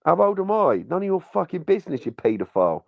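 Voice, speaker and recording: A man's voice: high-pitched, big pitch swings, fast talker, vocal fry, dry recording. A man with an English accent trading sarcastic, sweary insults on an online panel. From England. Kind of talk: heated argument on a stream panel. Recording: dull lo-fi mic.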